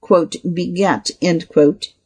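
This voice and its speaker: A reader reading a scholarly article aloud, saying the quote marks and punctuation out loud. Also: mid-range voice, steady tone, takes it slowly, slightly rough.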